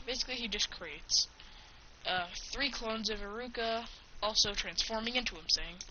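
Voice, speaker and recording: A chatty woman narrating her own fan story, tossing in quick asides. Her voice is bright and forceful. The recording is dull and lo-fi, with a faint hiss behind her. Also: on the high side. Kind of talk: casual fan-fiction narration.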